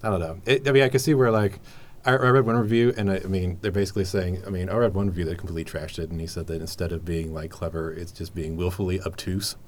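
Deep-voiced man rambling enthusiastically. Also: steady tone, fast talker, a little hiss or hum. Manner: rambling, filler-heavy, enthusiastic. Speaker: library podcast host. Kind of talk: casual chat.

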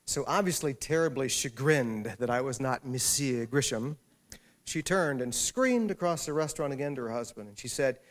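A man's voice: medium pitch, lively intonation, normal speed. A middle-aged man, an author, gives a humorous public talk and tells a wry, self-deprecating story. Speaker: author speaking at an event.

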